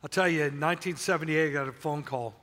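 Older guy pastor, kinda high voice, rambling testimony style, big echoey church hall. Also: fast, a bit bright. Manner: candid storytelling, frequent restarts. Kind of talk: sermon with personal testimony. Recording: long church hall reverb.

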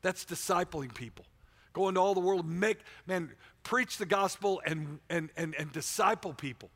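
A middle-aged man preaching a sermon as pastor, swinging between loud exhortation and quiet storytelling. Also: high-pitched, moderate pace, breathy edge. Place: church sanctuary. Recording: long reverb of a large hall.

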